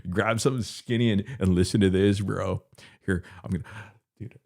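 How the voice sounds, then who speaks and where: Rambling, crude low-voiced male streamer. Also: fairly even intonation, normal speed, gravelly, a little mellow. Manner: loose, profane, joking, repeats himself. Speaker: live stream host.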